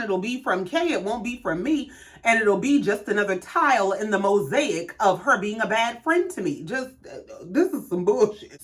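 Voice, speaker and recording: Sassy woman host, lively swooping pitch, fairly high voice, profane casual recap. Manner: sassy, profane, animated storytelling with quoted voices.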